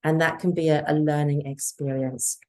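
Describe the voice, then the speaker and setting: Woman, interview guest, low voice, earnest and animated, voices little quoted lines. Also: normal speed. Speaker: parenting guest. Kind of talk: conversational interview.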